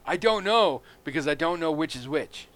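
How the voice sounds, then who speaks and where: A man's voice: fairly high pitch, lively intonation, normal speed, a bit bright. A man from the United States in casual conversation, who talks playfully and acts out scenes in silly voices. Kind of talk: casual chat.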